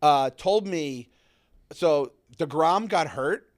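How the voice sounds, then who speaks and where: A man in his thirties co-hosting a casual podcast, rambling, excitable and self-mocking. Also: on the high side, takes it slowly. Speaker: podcast co-host. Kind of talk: casual chat.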